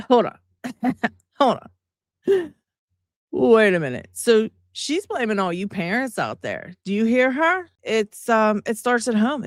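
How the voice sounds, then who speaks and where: A woman talks straight to her viewers, exasperated and sarcastic as she reacts to clips. Her voice sits in an ordinary middle range. The sound is dry and close, with no room echo. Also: medium pitch. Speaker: commentary channel host. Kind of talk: reaction commentary.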